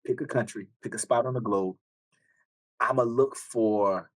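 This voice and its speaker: A man's voice: medium pitch, normal speed. A man from the United States, a podcast guest chatting casually and emphatically, stacking repeated phrases and checking in with "right?". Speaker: podcast guest, speaker on emotional intelligence.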